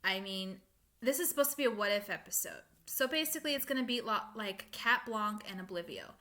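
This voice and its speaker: A young woman ranting casually to her viewers, animated and exasperated, with frequent laughs and fillers. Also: medium pitch, a little fast. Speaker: fan vlogger. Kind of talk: casual rant to camera.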